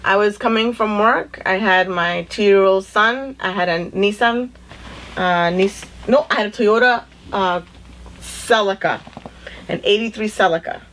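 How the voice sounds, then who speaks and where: A middle-aged woman telling a story in a casual podcast chat, animated and acting out the people she quotes. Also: medium pitch, a little slow, a little hiss or hum. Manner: animated, acts out quoted dialogue. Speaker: podcast co-host.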